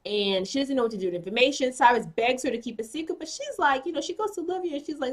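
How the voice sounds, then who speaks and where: A woman's voice: high-pitched, expressive, brisk, fairly bright tone. A woman giving a casual recap of a TV episode, chatty and full of "you know" asides as she quotes the characters. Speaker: TV episode reviewer.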